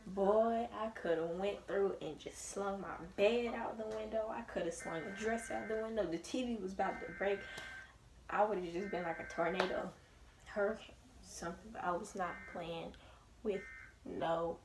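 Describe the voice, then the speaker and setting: A young woman telling a story in a casual, animated and emphatic way. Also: mid-range voice, normal speed, distant mic, a crowd in the background. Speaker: vlogger. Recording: roomy, away from the mic.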